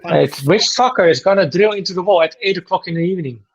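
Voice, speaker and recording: A man's voice: high voice, fast talker. A man joining a live football watchalong, blunt and sweary in his casual chat. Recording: dull lo-fi mic.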